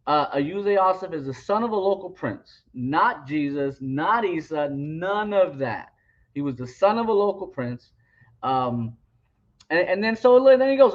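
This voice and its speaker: A man's voice: sits high, animated, dull audio. A man giving heated, rambling commentary, arguing his point and stumbling through fillers and restarts. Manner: argumentative, halting with many fillers and restarts. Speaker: online religious commentator.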